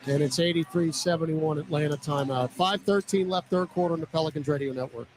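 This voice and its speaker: A man doing radio play-by-play for a basketball game, calling each play in quick clipped bursts. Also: on the high side. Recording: noisy radio broadcast with arena ambience.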